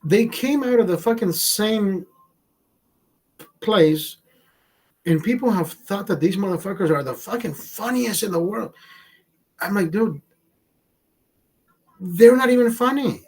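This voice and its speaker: A man's voice: sits high, animated, a little slow, long pauses, a little mellow, breathy edge. A man hosting a casual livestream, rambling and swearing constantly while chatting with viewers. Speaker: livestream host. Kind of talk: casual profane livestream chat. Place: home setup in California.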